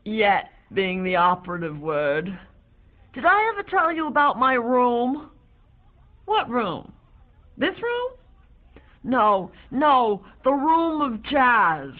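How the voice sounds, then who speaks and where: A woman voicing an elderly lady who reminisces slowly, with hesitant pauses. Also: mid-range voice, close to an everyday voice. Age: older. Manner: slow, halting, hesitant reminiscence. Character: elderly woman reminiscing, wistful, gentle, rambling. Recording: tinny lo-fi phone-like sound.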